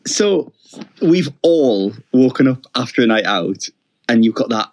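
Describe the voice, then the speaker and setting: Lively self-mocking man. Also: mid-range voice, a little slow. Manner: self-deprecating, chatty. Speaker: podcast host. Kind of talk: casual interview chat.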